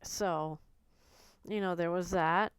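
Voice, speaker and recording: A woman's voice: lowish voice, steady tone, slow pace, clear, resonant tone, dry recording. A woman vlogger candidly telling a personal story, blunt and emotional, swearing freely.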